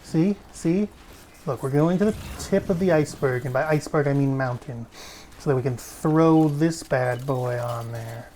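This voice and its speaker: A man giving casual gameplay commentary as a streamer. He chats freely, swears often and breaks into sudden loud exclamations. He talks while sitting in a desk chair at home. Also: medium pitch, moderate pace, slight background noise. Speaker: gaming streamer.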